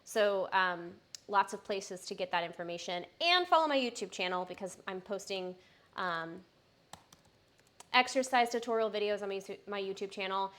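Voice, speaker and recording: Bright, chatty young woman trainer. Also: medium pitch, moderate pace. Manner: chatty and upbeat, frequent fillers. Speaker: personal trainer. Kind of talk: casual live-stream chat.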